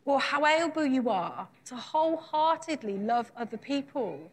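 A woman's voice: sits high, big pitch swings, unhurried. A woman preaching a sermon, retelling scripture in a conversational way and putting earnest, repeated questions to her congregation.

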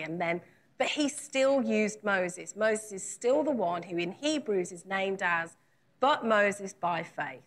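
A woman's voice: mid-range voice, lively intonation, slow pace. A woman preaching a sermon, retelling scripture in a conversational way and putting earnest, repeated questions to her congregation.

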